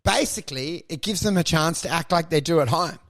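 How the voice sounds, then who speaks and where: High, gravelly man ranting. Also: fairly quick. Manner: crude, rambling, animated rants. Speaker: podcast co-host. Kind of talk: casual comedic chat.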